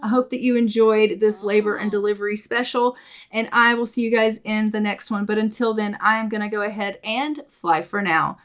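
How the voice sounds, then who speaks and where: A woman's voice: mid-range voice, steady tone, moderate pace, fairly bright tone. A woman hosting a let's play, narrating a life-sim game in a chatty, upbeat way. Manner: chatty, upbeat, repeats filler phrases. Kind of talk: casual gameplay narration.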